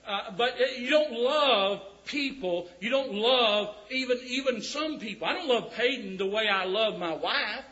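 Bright-voiced preacher, lo-fi sound. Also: male voice, very high-pitched, expressive. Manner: emphatic, drawn-out scripture reading with folksy asides. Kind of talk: sermon. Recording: dull lo-fi recording.

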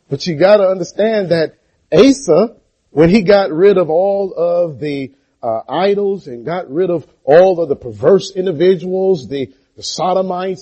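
A man's voice: high voice, warm tone, slightly rough. A man preaching a sermon in a church, throwing rhetorical questions at the congregation in call-and-response.

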